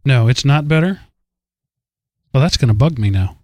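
A man's voice: medium pitch, expressive, normal speed, a little mellow, no room sound, clean studio sound. A man with a Southern US accent hosting a casual podcast, rambling and self-deprecating, talking in a stream of consciousness. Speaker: podcast host.

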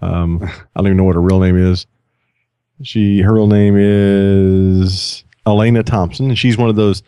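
A man's voice: low voice, level tone, normal speed, warm tone, clean tone, dry recording. A man co-hosting a casual podcast, giving wry, dry commentary on odd news stories. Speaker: podcast co-host. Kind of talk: casual chat.

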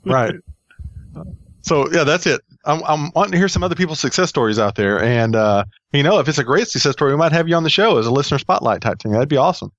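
A man's voice: a little high, animated, quick pace, no echo, highs cut off. A man hosting a casual podcast, rambling and joking with many fillers. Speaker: podcast host.

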